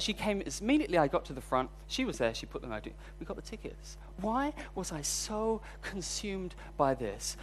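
A man's voice: fairly high pitch, slight background noise. A man preaching a sermon, telling a personal story in a candid, self-deprecating way. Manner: storytelling, voice rising when recounting frustration.

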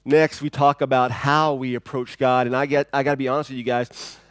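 A pastor preaching in a conversational, dynamic way, swinging from loud, emphatic lines to hushed ones. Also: male voice, medium pitch, flat delivery, fairly quick, clear, resonant tone, dry recording, clean studio sound. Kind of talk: sermon.

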